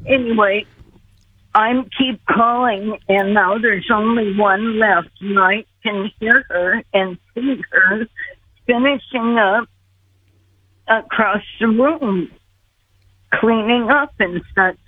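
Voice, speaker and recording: Older female caller, slow earnest storyteller, husky, phone-line audio. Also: mid-range voice. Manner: earnest, acts out her own pleas. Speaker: guest recounting near-death experience.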